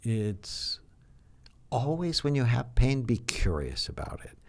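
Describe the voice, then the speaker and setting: An older man, a psychiatrist, explaining and telling stories in an animated, teacherly way during an interview. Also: mid-range voice, takes it slowly. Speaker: psychiatrist guest. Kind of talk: interview conversation.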